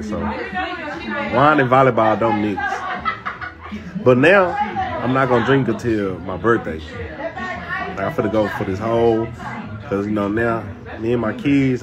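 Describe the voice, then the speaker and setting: A man hosting a casual livestream, chatting with viewers in a rambling, laid-back way. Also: lowish voice. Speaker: livestream host. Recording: loud music and chatter behind.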